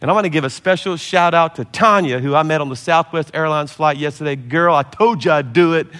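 A middle-aged man, a pastor, preaching a sermon with lively storytelling and laughter, easing into a soft, slow prayer. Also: a little high. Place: large church hall.

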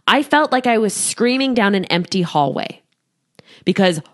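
A woman in her thirties hosting a solo podcast as a coach, talking to a studio microphone, animated, often laughing and acting out quoted voices. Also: mid-range voice, normal speed.

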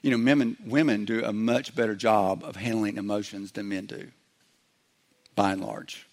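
A middle-aged man preaching a sermon in a conversational way, slipping into quick acted-out voices as he goes. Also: fairly low pitch, fairly even intonation. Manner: conversational preaching, acts out little quoted voices. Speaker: pastor.

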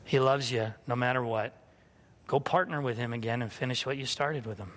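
A man's voice: medium pitch, a little fast, a bit bright. A man in his thirties preaching a sermon, telling a personal story in a candid, self-mocking way. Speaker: pastor. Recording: long hall reverb.

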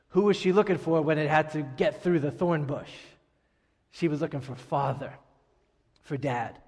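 A middle-aged man from Staten Island, New York preaching a sermon to his church, emphatic and dropping to a hush on key words. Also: fairly high pitch, in a large hall. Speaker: pastor.

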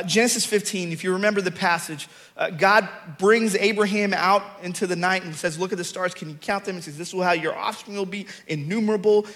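A middle-aged male pastor preaching a sermon. He mixes relaxed storytelling with rising, shouted emphasis on key lines. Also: high voice.

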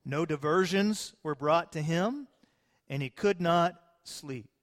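A man, a pastor, telling a scripture story in a sermon, dramatic and swinging between loud and hushed. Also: a little high, takes it slowly. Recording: long hall reverb.

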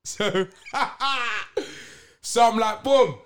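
A man's voice: very high voice, drawn-out words, a bit bright, smooth. A young man with a London accent telling a frank story in a casual podcast chat, often checking that his listeners follow. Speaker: podcast guest.

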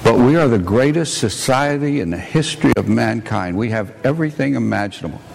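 A man's voice: medium pitch, expressive, fairly quick, creaky. A man preacher and missionary telling stories in a plainspoken sermon to his congregation in a church sanctuary. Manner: plainspoken, warm asides to the congregation. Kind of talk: folksy sermon storytelling. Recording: long church reverb, faint noise.

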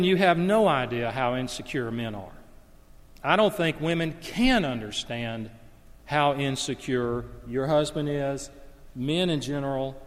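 A man preaching a sermon as a pastor, swinging from hushed storytelling to loud, impassioned emphasis. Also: on the high side. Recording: long reverb of a large hall.

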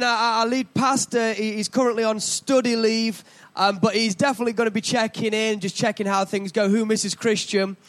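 A young man with a British English accent preaching a sermon from a church stage in a chatty, joking, self-deprecating way. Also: high-pitched.

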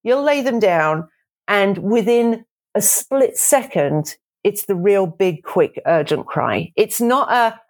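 Animated woman explaining parenting. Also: slow pace. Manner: animated, acts out voices with big pitch jumps; laughs often. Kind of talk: casual conversational explanation.

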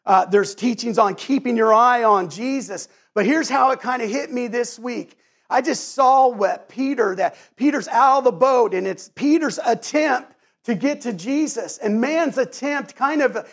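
A male pastor delivers a sermon in a fairly high voice. He speaks earnestly, often stumbling and restarting his phrases as he gathers his thoughts. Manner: earnest, halting with many restarts and repeated words.

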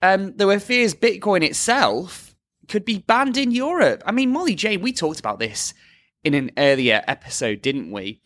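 A man's voice: high voice, big pitch swings, moderate pace, fairly bright tone. A man co-hosting a podcast, chatting casually about the news and leading with questions. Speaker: podcast co-host.

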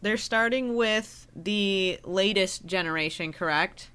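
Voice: mid-range voice, takes it slowly, pushed and bright, clean tone. A podcast co-host chatting casually, upbeat and enthusiastic, with casual slang. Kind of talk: casual chat.

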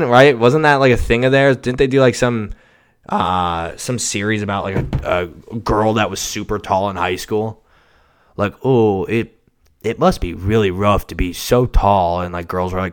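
A man hosting a solo casual podcast, rambling and swearing, swinging from mumbles to shouts, on a cheap home mic. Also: lowish voice, clear, resonant tone. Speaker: podcast host. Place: home recording setup. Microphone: cheap mic without pop filter.

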